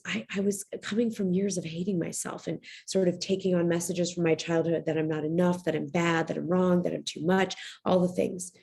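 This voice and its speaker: A woman's voice: deep voice, creaky, darkish tone, breathy edge. A woman in her forties, a writing coach giving a candid, confiding motivational talk to writers.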